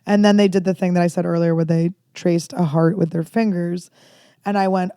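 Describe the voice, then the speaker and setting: A woman comedian in her thirties telling candid, rambling stories with dark jokes in a casual podcast chat. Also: fairly low pitch, little pitch movement, fairly quick, no echo, studio quality. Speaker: comedian guest.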